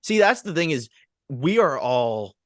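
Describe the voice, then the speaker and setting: Man, podcast co-host, casual chat, emphatic, swearing, lively pitch, dry sound. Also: measured pace, no echo. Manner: animated, emphatic, swears freely.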